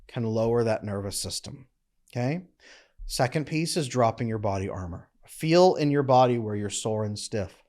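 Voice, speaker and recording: A middle-aged man teaching relationship skills to camera, emphatic, acting out breathing and relaxed posture as he explains. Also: medium pitch. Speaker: relationship coach.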